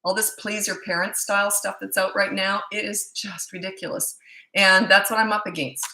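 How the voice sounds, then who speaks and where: Woman, parenting coach, blunt and emphatic, bright forceful voice, roomy echo. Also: mid-range voice, flat delivery, moderate pace. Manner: emphatic, blunt, repeats points for stress. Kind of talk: casual advice monologue.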